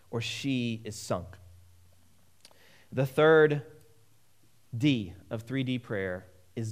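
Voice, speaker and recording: A man preaching a sermon, emphatic and repeating key phrases for weight. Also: medium pitch.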